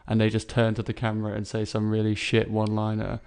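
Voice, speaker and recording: A young man co-hosting a casual podcast chat, talking bluntly and cursing freely as he tears into a film. His voice sits on the low side and has a gravelly edge to it. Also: quick pace. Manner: blunt, swears freely, animated when ranting. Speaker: podcast co-host.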